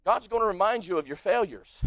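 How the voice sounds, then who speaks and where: An American pastor delivers a sermon from the pulpit of a church sanctuary in a strikingly high-pitched voice, animated and fairly quick. He swings between soft, low asides and sudden shouted peaks. The audio is dry and close, with almost no room echo.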